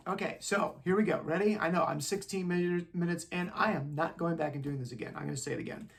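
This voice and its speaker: A man's voice: fairly high pitch, fast, creaky, few pauses, a bit bright. A male music teacher, recording on his phone, walks students through rhythms by chanting the counting syllables aloud, casual and encouraging. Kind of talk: online band lesson. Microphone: phone recording himself.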